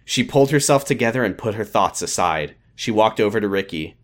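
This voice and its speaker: A man's voice: on the low side, fairly quick, few pauses. A man co-hosting a comedy podcast, reading fan fiction aloud and breaking off into joking asides. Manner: reads narration flatly, breaks off into joking asides. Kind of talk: comedic dramatic reading with banter.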